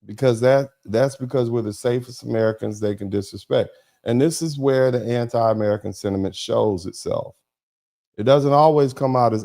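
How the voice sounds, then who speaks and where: A man's voice: medium pitch, normal speed, darkish tone. A middle-aged man hosting a commentary livestream, emphatic and repetitive, with sarcastic asides to his chat. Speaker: host of a commentary broadcast.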